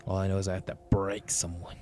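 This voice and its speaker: A man dramatically reading a fan-made visual novel aloud, voicing the protagonist with expressive outbursts and frequent swearing. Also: low voice, quick pace, background noise. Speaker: game reader, voicing the protagonist.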